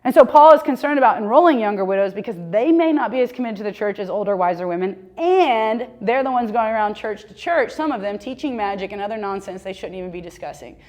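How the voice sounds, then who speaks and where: A woman leading a casual church Bible study discussion, talking in an animated, conversational way full of "like.". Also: mid-range voice, quick pace, few pauses. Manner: animated, conversational, heavy use of "like".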